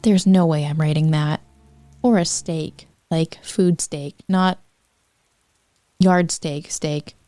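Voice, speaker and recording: A woman podcast host reading fanfiction aloud for comedy, deadpan with wry asides. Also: low-pitched, slow pace, pauses often, no room sound, faint music behind.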